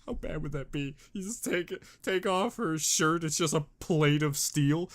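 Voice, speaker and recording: A man hosting a reaction video, chatting casually and goofily, jumping between low mutters and excited yells. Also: measured pace, hardly any pauses. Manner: goofy, exclamatory, jumps between mutters and yells.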